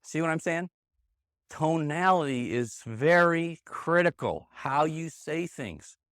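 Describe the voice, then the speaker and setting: A man's voice: on the high side, animated, takes it slowly, a bit bright, clean tone, no room sound, clean studio sound. Emphatic man leading a sales seminar. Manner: emphatic, punchy, repeats key points. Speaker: sales trainer. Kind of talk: live training seminar. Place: meeting room with an audience. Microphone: handheld microphone.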